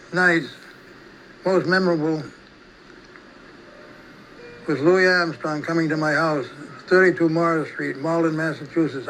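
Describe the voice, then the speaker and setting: An older man telling a personal story in a relaxed, rambling way, often restarting his sentences. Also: a little high, creaky, slight background noise, poor audio. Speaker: storyteller recalling his past. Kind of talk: casual spoken reminiscence.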